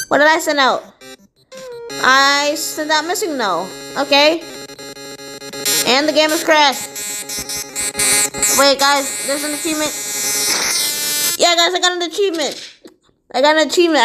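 A woman voicing SpongeBob, an excitable and goofy cartoon sea sponge, playing a video game and chattering to viewers. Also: sits high.

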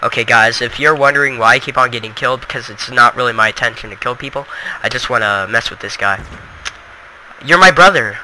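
A young man trolling another player in an online game, teasing and mock-affectionate, with quiet asides to his viewers. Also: medium pitch, steady tone, quick pace, hardly any pauses, slight background noise, poor audio.

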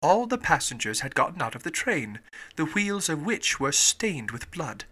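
A man narrating a classic novel as an audiobook, with an expressive storybook reading. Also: on the high side, moderate pace, husky. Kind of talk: scripted narration.

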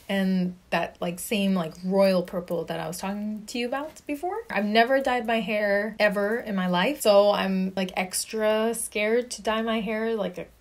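Chatty young woman vlogging. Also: medium pitch. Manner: chatty, giggly, filler-heavy with lots of "like". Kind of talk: casual chat to camera.

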